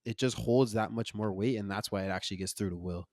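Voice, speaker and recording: A man talking about a movie in relaxed podcast chat, his voice a little low and his manner lively and loose. The sound is dry and close, with no room echo. He uses plenty of slang and repeats himself as he gets excited. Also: fast. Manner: animated, loose, casual with slang. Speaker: podcast co-host. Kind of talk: casual film discussion.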